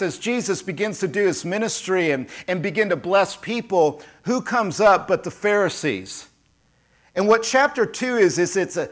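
A man preaching a sermon as pastor, lively and emphatic, acting out quoted voices and calling on the congregation. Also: high voice.

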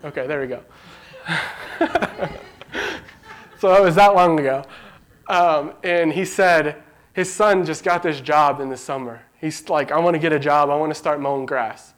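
A man's voice: on the high side, a little slow, long pauses. A young man giving an informal devotional talk, telling a story in a chatty way, full of likes and rights.

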